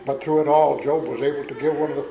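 A man preaching a sermon and reading scripture aloud, earnest and halting, often repeating and correcting himself. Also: a little high, little pitch movement, creaky, roomy sound, lo-fi sound, crowd noise.

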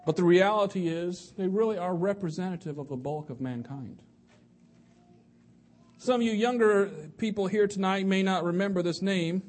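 A man's voice: high-pitched, moderate pace, a little mellow. A man giving an evening sermon to a congregation, talking conversationally and often restarting or repeating words. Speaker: preacher.

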